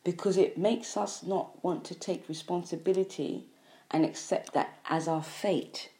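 A woman speaks earnestly about diet and disease, hammering home points with repeated lists. Her voice sits low and sounds mellow, and she lingers on key words. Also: steady tone, unhurried. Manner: earnest, emphatic, repetitive lists. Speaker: health speaker. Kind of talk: impassioned health monologue.

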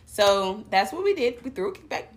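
Young woman, relaxed slangy storyteller, casual chat. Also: mid-range voice, moderate pace.

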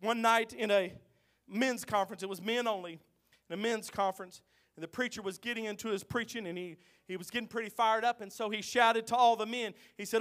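A man preaching a sermon, telling folksy joke stories in a low, even voice and then rising to loud, drawn-out shouts. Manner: swings from quiet storytelling to shouted, drawn-out exclamations; tells jokes in a folksy way.

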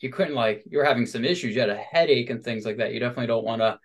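A man hosts a podcast in relaxed, chatty conversation. He sounds upbeat and animated. His voice sits at an ordinary middle pitch. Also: very fast. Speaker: podcast host. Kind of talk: casual conversation.

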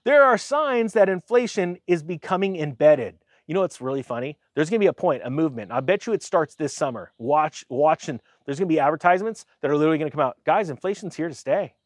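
Animated sarcastic man ranting. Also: on the high side, quick pace, hardly any pauses, no room sound, studio quality. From United States. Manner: animated, sarcastic, mocking voices for others. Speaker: finance commentator. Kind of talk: casual rant commentary.

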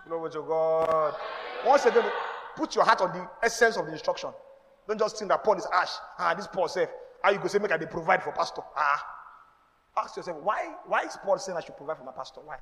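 A man's voice: high voice, animated, fairly quick, fairly bright tone. A man with a Nigerian accent, a pastor preaching a sermon with emphatic call-and-response to the congregation. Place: church. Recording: long reverb in a large hall.

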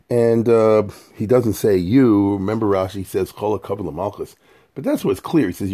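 A man with a mellow, warm tone gives a casual scripture lesson. He talks in a relaxed, conversational way and translates Hebrew verses into everyday English as he goes. He sometimes restarts a phrase and repeats a word before moving on. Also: on the low side, normal speed, breathy edge. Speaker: Torah teacher.

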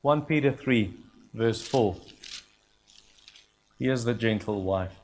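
A man's voice: medium pitch, slow, darkish tone. A man preaching a sermon in an earnest, emphatic way, repeating his key phrases.

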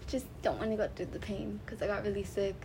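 A woman's voice: mid-range voice, steady tone, fast, background noise. A young woman co-hosting a podcast in casual chat, telling her stories by quoting what others said. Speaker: podcast co-host.

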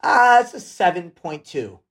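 Animated woman cracking jokes on a podcast. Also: fairly low pitch. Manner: joking, animated, quick one-liners. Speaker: podcast co-host. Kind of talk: casual chat.

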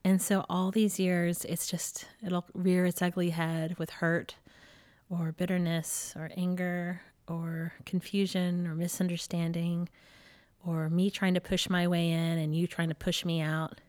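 A woman's voice: on the low side, measured pace. Candid woman telling stories to her husband. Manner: candid, animated storytelling with laughs. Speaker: podcast co-host, ministry leader. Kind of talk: casual conversation with spouse.

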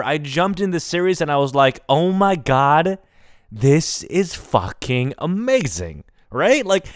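A man's voice: on the high side, clean tone, dry recording, clean studio sound. A man hosting a solo comedy podcast, telling a rambling story with lots of swearing and tangents. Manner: animated, profane, prone to tangents. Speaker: podcast host.

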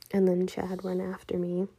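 Hushed, husky young woman telling a story. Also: on the low side. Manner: casual, lots of "like", often whispery and hushed. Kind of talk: personal storytelling.

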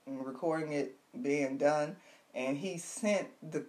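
A woman co-hosting a casual chat, animated and teasing, recapping gossip and news with loud laughs. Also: deep voice, takes it slowly. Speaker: podcast co-host.

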